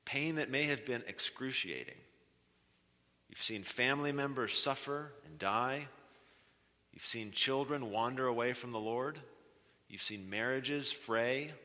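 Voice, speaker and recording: A man's voice: medium pitch, sharp tone. A man preaching a sermon as a guest speaker, earnest and emphatic, repeating key phrases and shifting his pace. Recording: long reverb of a large hall.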